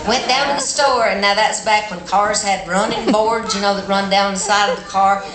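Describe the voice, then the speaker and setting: A middle-aged woman with an Appalachian accent telling a tale live on a festival stage, folksy, animated and plainspoken. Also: mid-range voice, normal speed, crowd noise. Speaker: storyteller. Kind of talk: live storytelling performance. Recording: echoey hall with background noise.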